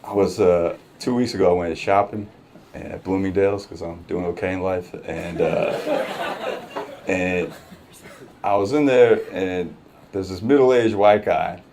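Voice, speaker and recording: A man's voice: low-pitched, steady tone, unhurried, a little mellow, slight background noise. A man performing a stand-up comedy set on a club stage, telling a casual, profane story with wry asides. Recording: live club crowd and music.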